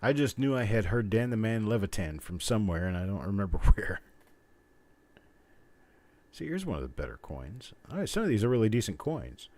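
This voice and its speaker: Host type, middle-aged man, low and animated, chatty, rambling, quick to chuckle. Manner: rambling, joking, chuckles often. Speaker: host of coin roll hunting livestream. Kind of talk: casual live-stream chat.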